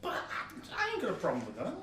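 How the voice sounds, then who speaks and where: A man's voice: fairly high pitch, huge pitch swings, quick pace, pushed and bright, recorded from a distance. A man co-hosting a podcast, chatting casually and swearing freely. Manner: sweary, laughs easily. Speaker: podcast co-host. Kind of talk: casual banter. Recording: echoey room, off mic, faint noise.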